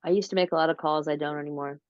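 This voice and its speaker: A woman being interviewed, telling a long story slowly and casually, with many fillers and restarts. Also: low-pitched, steady tone, no echo. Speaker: interview guest, paranormal researcher. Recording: dull lo-fi audio.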